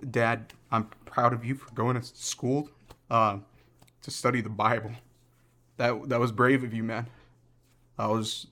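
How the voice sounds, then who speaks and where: A man's voice: medium pitch, fairly bright tone. A young adult man hosting a casual solo podcast, rambling through tangents in a joking, self-deprecating way. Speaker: podcast host.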